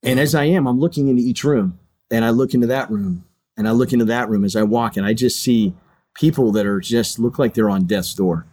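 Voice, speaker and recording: Interview guest: middle-aged man, earnest, conversational storyteller, mid pitch. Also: fairly quick, dark tone. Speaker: guest, retired fighter pilot and chaplain.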